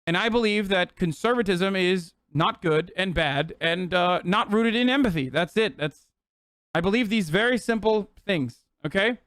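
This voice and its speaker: A man's voice: high-pitched, expressive, normal speed, fairly bright tone, smooth, dry recording, clean studio sound. A man streaming live, reacting to clips with a heated, profane rant.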